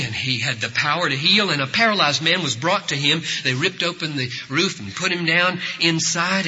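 A man's voice: a little high, pushed and bright, husky. A man preaching a sermon to a church congregation, telling stories dramatically and acting out the voices in them. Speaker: pastor. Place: church service before a congregation. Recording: echoey hall, dull lo-fi sound.

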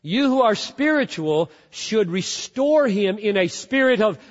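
A man preaches a sermon in a high, unhurried voice, stressing and repeating key words, dropping to a hush and rising again. His voice rings through a large church hall with long reverb. The recording sounds dull and lo-fi. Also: lively intonation. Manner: emphatic, repeats key words, swings from loud to hushed. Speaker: pastor.

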